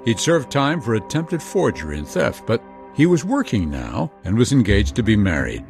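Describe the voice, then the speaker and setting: A man reading a scripted true-crime narration in a measured way, with dramatic pauses. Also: on the low side, wildly swooping pitch, creaky, a little mellow. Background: music.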